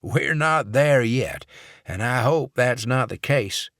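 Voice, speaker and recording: A man's voice: medium pitch, lively intonation, takes it slowly, a bit bright, dry recording, clean studio sound, pitched above the performer's own voice. A man as a chatty small-town male investigator. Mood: chatty probing. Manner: chatty, probing, easygoing.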